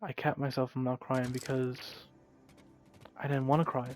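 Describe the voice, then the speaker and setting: A man slowly telling a heartfelt story in an earnest way, often repeating his phrases. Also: medium pitch, level tone, a little hiss or hum. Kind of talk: storytelling monologue over gameplay.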